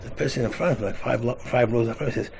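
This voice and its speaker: A man, a rabbi, telling an animated parable in casual talk, sprinkled with Hebrew and words. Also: mid-range voice, rapid-fire, vocal fry. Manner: animated storyteller, acts out voices. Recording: noisy recording.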